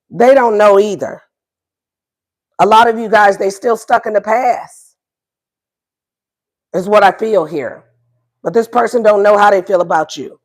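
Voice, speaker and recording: A woman's voice: mid-range voice, a little mellow. A woman doing a casual livestream tarot reading, playful and profane, repeating her questions to the viewers. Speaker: tarot reader.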